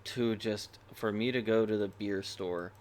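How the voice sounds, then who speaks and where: A young man in his twenties co-hosting a podcast, rambling and poking fun at himself, with loud bursts when he jokes. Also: lowish voice, fairly even intonation, unhurried, crowd noise. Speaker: podcast co-host. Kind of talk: casual chat.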